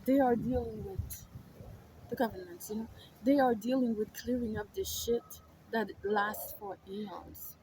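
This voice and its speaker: A woman in her thirties giving a casual spiritual monologue, wandering between hushed whispers and emphatic declarations. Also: mid-range voice, measured pace, background noise. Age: 30s. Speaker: spiritual content creator.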